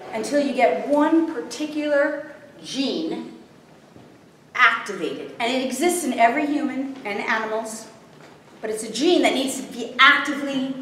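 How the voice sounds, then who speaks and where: A woman with a high, expressive, slightly bright voice speaks at a measured pace. She is giving a spiritual workshop talk to people present, regularly verifying they're with her. Audio is distant, very echoey, and faintly noisy.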